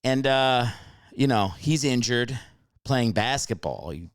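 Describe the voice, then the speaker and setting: A man in his late thirties hosting a solo podcast from his home couch, talking in a brash, profane, excitable comedic rant, a little out of breath from a walk. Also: mid-range voice, takes it slowly, clear, resonant tone, no room sound, studio quality. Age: 30s. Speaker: podcast host.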